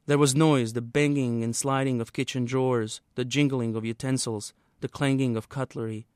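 A man, the author, reading a passage from his own novel aloud in a steady, measured way. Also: mid-range voice, clear, resonant tone, dry recording, clean studio sound.

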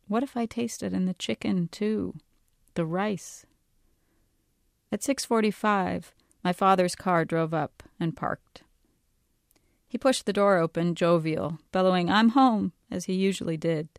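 A woman author reading her own novel aloud in a calm, measured way. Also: fairly low pitch, no echo, studio quality.

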